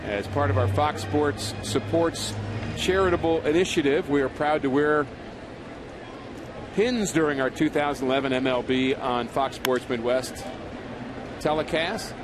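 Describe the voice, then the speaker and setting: A man's voice: fairly high pitch, measured pace, noisy background. A man calling a baseball game play by play from the broadcast booth, chatty and working sponsor reads in between the action. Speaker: play-by-play announcer. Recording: broadcast audio with clear crowd and ambience behind.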